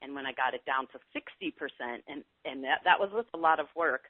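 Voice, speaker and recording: A middle-aged woman telling her spiritual story in a casual interview, animated and earnest. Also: a little fast, no echo. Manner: animated, earnest storytelling with lively pitch swings. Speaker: spiritual guide guest. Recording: tinny phone-like call audio, dry.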